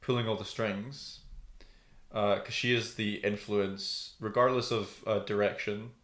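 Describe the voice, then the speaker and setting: A man's voice: lowish voice, steady tone, unhurried, a bit bright. A man co-hosting a podcast, chatting casually about TV and thinking aloud with many ums. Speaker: podcast co-host. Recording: roomy echo.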